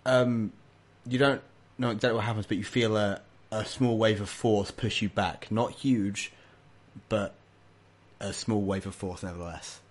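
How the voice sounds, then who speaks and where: Male game master, lowish voice, rambling and halting narration. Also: fairly even intonation. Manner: rambling, full of restarts.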